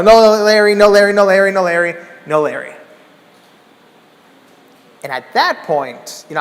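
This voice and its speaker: A man giving a keynote talk, telling a story with lively, acted-out exclamations. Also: on the high side, big-room sound. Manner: animated, acts out scenes with loud exclamations. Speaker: keynote speaker. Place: large hall.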